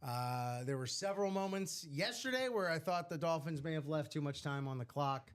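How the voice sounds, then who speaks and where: A man hosting a live sports memorabilia break stream, chatting casually with slangy, animated asides. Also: on the high side, normal speed, smooth.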